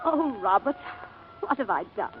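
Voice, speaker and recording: A shaken planter's wife telling of a shooting, high lively voice, halting and emotional, 1940s radio acting, tinny old broadcast. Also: female voice. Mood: distraught.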